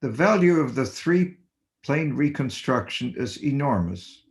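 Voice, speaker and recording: An older man lectures as a surgeon in a webinar, slow and deliberate, with emphasis on each principle. His voice sits at a middle pitch and he leaves long pauses between short phrases. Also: sing-song, gravelly. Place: home or office on webinar.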